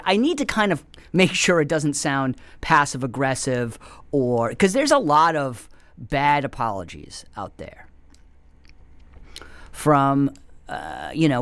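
A man's voice: a bit bright, no room sound. Rambling comic host, a man. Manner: rambling and self-mocking, with whispered asides and pitch jumps. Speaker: comedy show host taking calls. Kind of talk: rambling comedic monologue.

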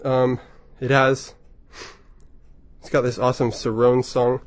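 Male radio DJ, mid-pitched, chatty and rambling between songs, dry studio sound. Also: measured pace, no room sound. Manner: chatty and rambling, many ums, excitable. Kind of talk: casual on-air chat between songs. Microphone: studio microphone.

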